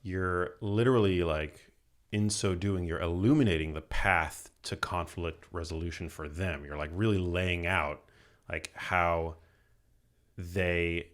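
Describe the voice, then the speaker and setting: Deep-voiced podcast host reflecting. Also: male voice, fairly even intonation, measured pace. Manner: thoughtful, affirming, rephrases guest's points. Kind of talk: conversational interview.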